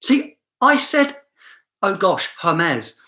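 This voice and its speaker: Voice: mid-range voice, very animated, extremely slow, sharp tone, reverberant. A fragrance reviewer with a southern English accent, chatting through a live stream in a self-mocking way and laughing often.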